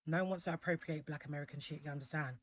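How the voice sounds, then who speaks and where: A woman's voice: low-pitched, very fast. Defiant woman firing back. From Britain. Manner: mocking and defiant. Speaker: social media commenter. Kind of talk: retort to camera.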